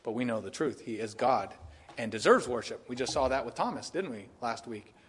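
A man's voice: mid-range voice, lively intonation, brisk, husky. A man preaching an expository sermon, earnest and full of questions for his listeners. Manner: earnest, asks the audience rhetorical questions. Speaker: pastor.

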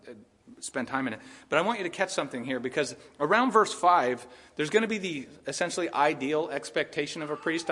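A man preaching a sermon in a church, rising loud for rebukes and dropping quiet to mock excuses. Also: a little high, big-room sound. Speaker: pastor. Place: church sanctuary.

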